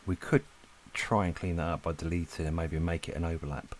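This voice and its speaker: Deep-voiced man chatting while he draws. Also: a little fast, a little hiss or hum. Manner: relaxed, rambling, talks to viewers while drawing. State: out of breath. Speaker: art channel host. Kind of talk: casual chat while drawing. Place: lives in Spain.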